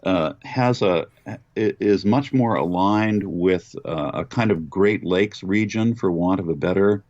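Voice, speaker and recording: A very deep, low-voiced older man from Western Pennsylvania, thinking back over his voice work in an unhurried way, stopping often on small fillers. The sound is dry and a little dull, like a lo-fi remote line. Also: a little mellow, dry recording. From Western Pennsylvania, United States. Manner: thoughtful, reminiscing, hesitant fillers. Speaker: voice actor, interview guest. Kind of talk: relaxed interview answers.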